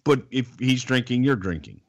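A middle-aged man telling wrestling stories on a podcast in a casual, animated way. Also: normal speed, dry recording. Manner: animated, jumps into high impressions of others. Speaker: guest, wrestling personality.

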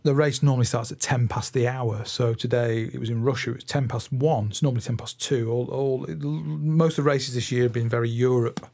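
A man's voice: medium pitch, steady tone, brisk, creaky, hardly any pauses, darkish tone. A middle-aged man, a drum teacher, chatting casually on his podcast, rambling and thinking aloud with fillers and restarts, sometimes counting out drum patterns. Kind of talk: casual solo podcast chat.

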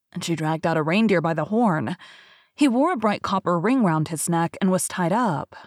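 Low-voiced woman reading a fairy tale. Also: animated, moderate pace, darkish tone, no room sound, clean studio sound. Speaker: podcast host. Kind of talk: storybook reading.

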